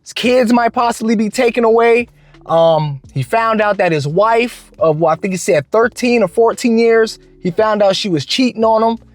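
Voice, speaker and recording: A man vlogger telling a work story in a casual, slangy, animated way, with lots of restarts. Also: high voice, moderate pace, no echo.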